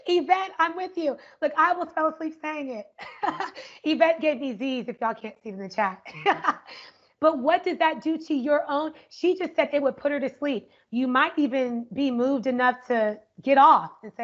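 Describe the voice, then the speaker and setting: A woman educator leading an interactive online workshop, energetic and upbeat, often checking in with "right?", speaking over a video call. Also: high voice, moderate pace. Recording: muffled lo-fi video call audio.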